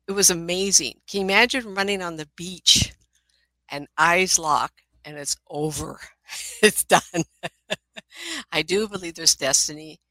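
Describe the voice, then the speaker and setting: A middle-aged woman, a psychic, telling personal stories in an animated way, with frequent laughter and asides. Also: low-pitched, dry recording, low-quality recording. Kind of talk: storytelling talk.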